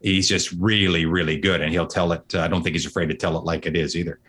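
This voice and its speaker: Low-voiced middle-aged sportscaster, chatty. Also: male voice, steady tone, a bit bright, slightly rough. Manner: earnest, talkative, quick to restart phrases. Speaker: sportscaster guest. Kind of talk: casual conversation.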